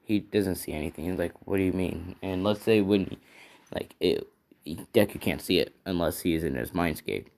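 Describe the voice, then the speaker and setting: Low, gravelly young-sounding man rambling. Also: moderate pace, a little mellow. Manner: rambling, thinks aloud, corrects himself often. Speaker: fan-fiction storyteller. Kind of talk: improvised casual storytelling.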